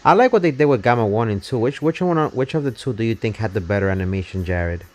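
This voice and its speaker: A man streaming a mobile game live, talking casually and excitably, swearing and rambling as he plays, over faint game music. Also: medium pitch, fast. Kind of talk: casual live gameplay commentary.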